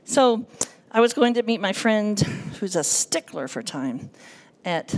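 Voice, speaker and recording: A nervous woman giving a personal testimony to a congregation, animated and self-deprecating, acting out the voices in her story. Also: mid-range voice, slow. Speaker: church speaker giving testimony.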